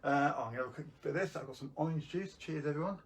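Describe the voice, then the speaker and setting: A man's voice: on the high side, racing, recorded from a distance. A man hosting a live magic stream, chatting casually to viewers with lots of ums and restarts.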